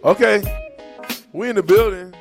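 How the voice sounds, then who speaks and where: A man hosting a casual sports talk show, reading listener texts aloud, telling stories with playful boasting and quick laughs. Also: high voice, gravelly, music in the background. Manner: animated storyteller, reads listener texts aloud. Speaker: sports radio host.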